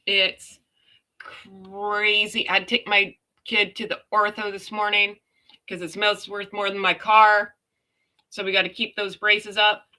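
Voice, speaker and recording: A woman's voice: medium pitch, flat delivery, unhurried, pushed and bright. A middle-aged Canadian woman hosting a casual livestream, chatty and exclaiming often, greeting viewers by name. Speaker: livestream host.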